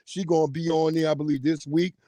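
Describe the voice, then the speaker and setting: Man, high voice, dry close sound, livestream host, profane, mocking commentary. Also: little pitch movement, fairly quick, no room sound. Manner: profane, mocking, loud outbursts.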